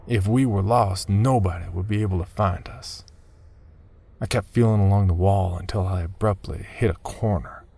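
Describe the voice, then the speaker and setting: A man narrating a first-person horror story, turning tense and urgent when his character shouts. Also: deep voice, vocal fry, no echo.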